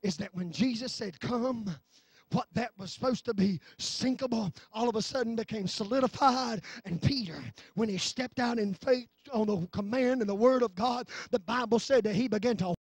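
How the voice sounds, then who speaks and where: A man preaching a fervent sermon in church, swinging from low talk to shouting. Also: moderate pace, husky, no room sound. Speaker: pastor. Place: church sanctuary.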